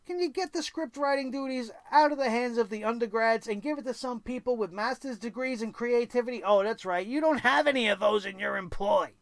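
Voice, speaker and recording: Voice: mid-range voice, brisk, few pauses, no echo. A wrestling show host giving an exasperated, sarcastic recap rant, swearing freely and firing off incredulous questions. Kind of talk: ranting wrestling recap commentary.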